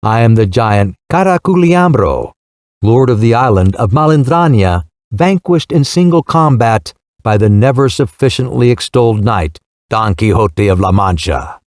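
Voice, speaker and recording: Man reading humbled giant lord, formal submissive address, lively pitch, dry recording. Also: no echo. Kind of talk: audiobook reading.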